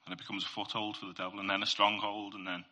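A man's voice: fairly low pitch, flat delivery, very fast, pushed and bright. A man giving an informal Christian faith talk. He speaks earnestly and conversationally, sharing testimony and addressing listeners directly.

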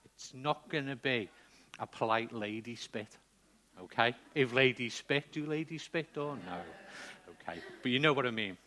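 A man preaching a sermon with a middle-pitched voice. He talks in a relaxed, conversational way, and keeps checking in with the congregation. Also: normal speed.

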